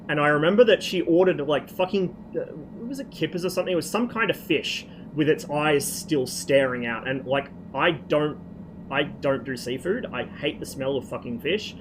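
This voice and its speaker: A man from Australia chatting casually on a stream, telling rambling, profane stories. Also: fairly high pitch. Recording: noisy background.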